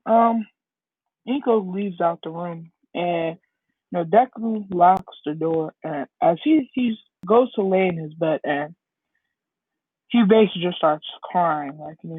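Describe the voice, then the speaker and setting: A woman's voice: lowish voice, slow pace, no echo. A woman casually telling a fan-made story, rambling with many fillers. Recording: husky, dry, phone-like lo-fi audio.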